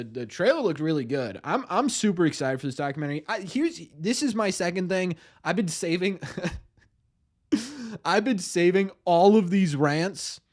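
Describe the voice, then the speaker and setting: Excitable ranting livestream host, man. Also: on the high side. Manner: excitable, ranting, greets chat by name. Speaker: live stream host. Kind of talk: casual live stream chat.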